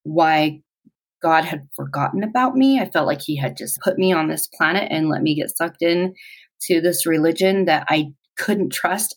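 A woman in her forties telling her personal story in an interview, reflective and halting, with pauses. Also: fairly low pitch, poor audio.

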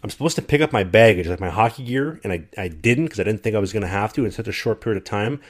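A man telling a long story in casual conversation, animated, and acting out what other people said. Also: fairly low pitch, quick pace. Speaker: guest telling a travel story.

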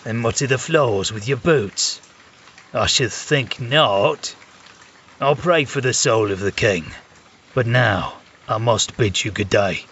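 An actor playing a polite, composed, firm monk in an audio drama. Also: male voice, medium pitch, slow, a bit bright, a little hiss or hum. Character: calm, dignified older male monk. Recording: dull lo-fi recording.

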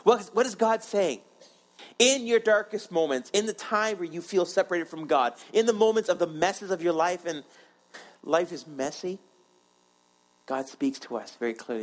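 A man's voice: high voice, normal speed, low-quality recording. A man preaching a sermon in an earnest way, often repeating words and acting out prayers as quotes. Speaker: pastor.

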